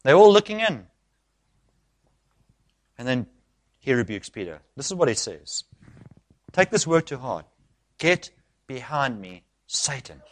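A man preaching an expository sermon, switching into acted speech with sudden loud bursts. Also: mid-range voice, sing-song, a little slow, pauses often.

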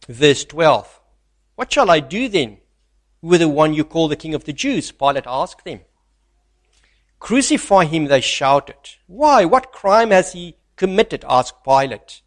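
A man preaching a sermon who reads scripture aloud and swings from loud, stressed lines to soft, near-hushed asides. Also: a little high.

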